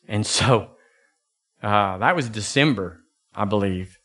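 A man preaching a sermon as pastor, folksy and animated, jumping into high bursts for emphasis. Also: slow, pauses often.

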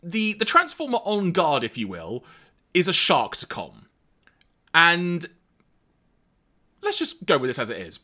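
A man with a bright, forward voice, talking through a cartoon plot for a podcast. His pitch sits a bit high and swings widely as he jokes his way through the recap. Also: a little slow, pauses often. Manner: animated, wry, summarizes plot with quoted lines. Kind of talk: casual recap chat.

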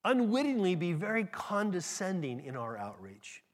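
A man's voice: high-pitched, wildly swooping pitch, moderate pace. A man preaching a sermon in a conversational, emphatic way, often restarting his phrases. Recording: long hall reverb.

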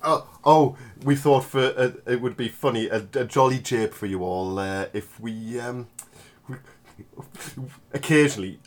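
A man co-hosting a comic podcast, boisterous and quick to yell and swear. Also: medium pitch. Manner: boisterous, swears and yells in bursts. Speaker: podcast co-host.

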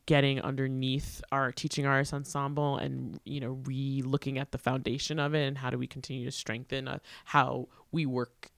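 A man in casual conversation about leading a teaching artist program, speaking hesitantly with many pauses and fillers. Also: medium pitch, vocal fry, dry recording, clean studio sound.

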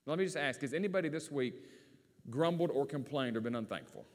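This pastor, a man with a rural Virginia accent, preaches a sermon in a folksy storytelling style. His medium-pitched voice is animated and fairly quick, and the recording has a little hiss or hum and a long hall reverb.

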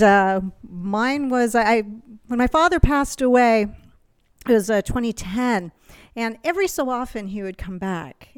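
A woman's voice: mid-range voice, clear, resonant tone. A woman in a group, sharing a personal dream story in a hesitant way, with fillers. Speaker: group participant.

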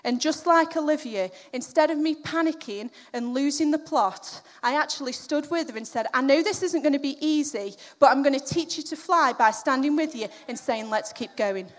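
Middle-aged woman preacher, high voice, chatty, self-mocking, acts out dialogue. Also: moderate pace, few pauses. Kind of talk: humorous sermon with personal story.

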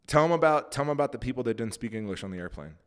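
A man's voice: medium pitch, lively intonation, racing, in a large hall. A man hosting a casual podcast chat who teases his co-host and sets up playful what-if scenarios. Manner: teasing, sets up playful hypotheticals.

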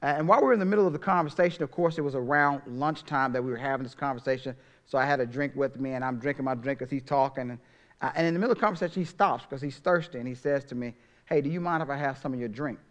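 Preaching as a pastor, a middle-aged man with a mid-range voice swings between soft, drawn-out phrases and loud, emphatic ones.

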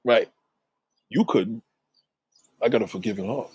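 A man telling street stories in a casual monologue, animated, acting out the voices of the people he describes. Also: fairly low pitch, unhurried, slightly rough.

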